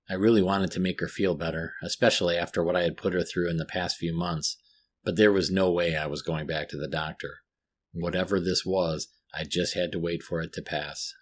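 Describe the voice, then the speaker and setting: A man narrating a first-person horror story in a measured, tense way. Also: low voice, fairly even intonation.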